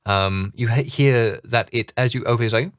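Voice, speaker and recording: A man's voice: medium pitch, normal speed, dry recording, clean studio sound. A man narrating a tabletop game as dungeon master in a loose, chatty way with fillers.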